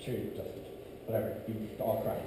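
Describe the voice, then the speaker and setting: A man's voice: a little fast, noisy background. Young man telling a story in an echoey hall. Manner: casual, rambling, lots of "like". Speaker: youth ministry speaker. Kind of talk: youth talk with personal story. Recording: echoey distant room audio. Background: room ambience.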